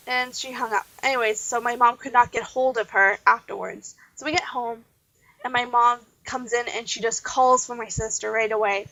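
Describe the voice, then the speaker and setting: A woman's voice: a little high, fairly even intonation, normal speed, pushed and bright, no room sound. A young woman from Canada hosting a gaming channel, telling a casual story full of fillers and side tangents. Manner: rambling, full of fillers and asides. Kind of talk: casual storytelling while playing a game. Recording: dull lo-fi home mic.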